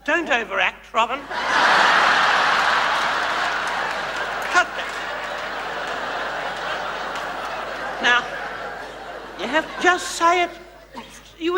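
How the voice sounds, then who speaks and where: Comedy stage: a man as a very high-voiced, condescending housewife megastar, in a reverberant hall. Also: heavy background noise. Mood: coaching. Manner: theatrical, condescending, gushing endearments. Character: flamboyant gushing suburban housewife turned megastar, woman. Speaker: host directing audience volunteers. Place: large hall.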